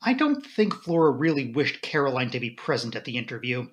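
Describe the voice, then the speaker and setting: A man reading a novel aloud in first person, with measured, steady storytelling. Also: medium pitch. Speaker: amateur audiobook reader.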